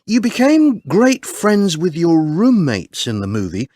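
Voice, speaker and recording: A man hosts a scripted interview and puts clear, expressive questions to his guest. His pitch sits a little high and moves animatedly through each sentence, and the sound is dry and close. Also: measured pace, no echo. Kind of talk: scripted exam-audio interview.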